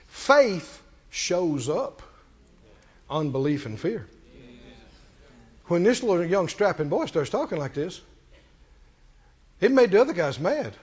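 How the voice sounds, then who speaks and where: A man preaching a sermon, telling a story dramatically, acting out the characters and swinging from shouts to near-murmurs. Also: a little high, husky, dull audio. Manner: acts out the characters' lines in quick voices.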